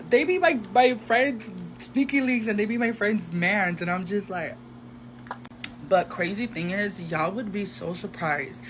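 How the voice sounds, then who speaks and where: A man telling a gossipy storytime in a casual, animated way, acting out the voices of the people in it. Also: sits high. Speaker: storyteller in a social media clip. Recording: noisy background.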